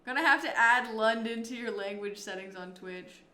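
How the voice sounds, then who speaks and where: Bright-voiced woman chatting on stream. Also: on the high side, normal speed, echoey room. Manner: chatty, reads and answers viewer messages. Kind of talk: casual live-stream chat.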